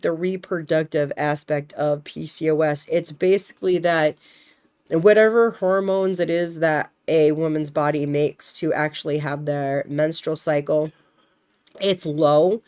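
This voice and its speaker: A woman's voice: low-pitched, a little mellow. A young woman chatting casually on a stream, rambling animatedly and acting out quotes as she tells a story.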